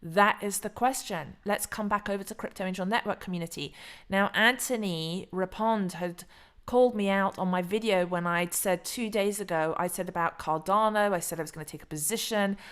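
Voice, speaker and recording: Woman host, casual livestream talk, frank and easily excited, mid-range voice. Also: mid-range voice, normal speed, smooth. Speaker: crypto channel host.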